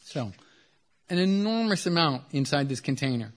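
A man giving a lecture on poetry, talking in quick bursts that slow into trailing asides. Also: fairly high pitch. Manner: reading poems aloud with expressive dips in volume.

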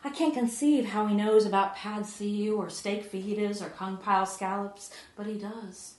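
A woman reading her own poetry aloud to an audience, measured and soft, often sinking to a hush. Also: medium pitch, fairly even intonation. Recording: echoey room.

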